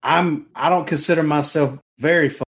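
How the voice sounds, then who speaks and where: A man's voice: fairly high pitch, fairly even intonation, a little fast, a bit bright. A man in casual podcast chat, telling a story in a laid-back, profane way.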